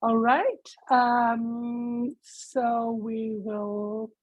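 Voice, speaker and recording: Female discussion leader, breathy and a touch high, laughs easily, dry close sound. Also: fairly even intonation, drawn-out words, no room sound, rough recording. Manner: reflective, laughs easily, calls on members by name. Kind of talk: casual group discussion.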